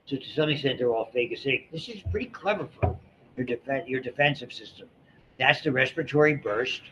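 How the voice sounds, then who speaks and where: A man's voice: mid-range voice, brisk, fairly bright tone, slight background noise. Chatty male biology lecturer, dull recording. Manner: chatty, digressive, many restarts and asides. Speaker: biology instructor. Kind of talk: classroom lecture. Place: lecture classroom.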